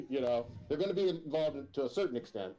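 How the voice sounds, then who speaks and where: A man co-hosting a casual livestream podcast, speaking in a measured, wry way with chuckles. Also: mid-range voice, expressive, mellow, dull audio. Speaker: podcast co-host.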